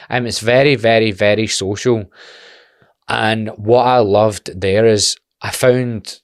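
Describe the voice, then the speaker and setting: A man's voice: fairly low pitch, normal speed, no room sound, studio quality. A Scottish man in his twenties talking bluntly and animatedly in a casual podcast monologue, swearing freely. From Scotland. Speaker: podcast host.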